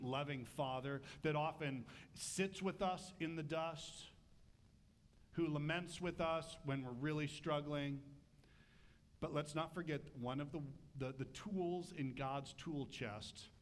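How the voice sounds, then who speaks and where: A man preaching a sermon as pastor, animated and humorous, acting out voices. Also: a little high.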